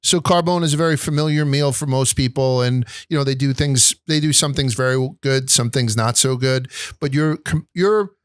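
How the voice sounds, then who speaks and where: A man's voice: mid-range voice, moderate pace, hardly any pauses, clear, resonant tone, no room sound, clean studio sound. A man hosting a casual food chat, enthusiastic and joking, swearing freely. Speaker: host.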